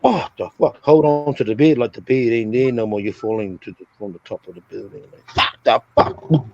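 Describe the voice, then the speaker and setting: A man's voice: lowish voice, dry recording. Profane man telling a story. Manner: profane, animated, acts out sounds and his own reactions. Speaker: streamer. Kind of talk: casual storytelling. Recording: dull lo-fi stream audio.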